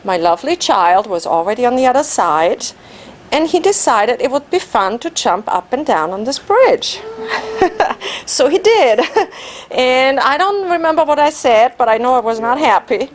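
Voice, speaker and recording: A woman whose first language is German, giving an animated personal story speech at a club meeting and laughing at herself. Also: high voice, normal speed. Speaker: Toastmasters speaker.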